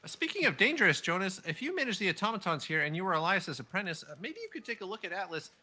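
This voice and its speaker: Rambling, animated man at a game table. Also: high-pitched, fast. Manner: rambling, hesitant, full of ums and restarts. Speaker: player. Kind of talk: in-character tabletop role-play.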